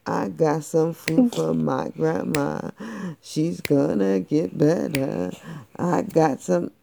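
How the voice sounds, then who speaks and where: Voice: medium pitch, animated, slow, gravelly, dark tone, slight background noise, exaggerated voice. A parent voicing a sassy little girl in a red hood who sings a sing-song tune and talks back.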